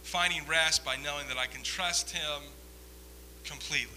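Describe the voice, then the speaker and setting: A man's voice: fairly high pitch, normal speed, bright, forceful tone, a little hiss or hum, poor audio. A man giving a conversational sermon as a pastor, rambling through self-deprecating stories with humor.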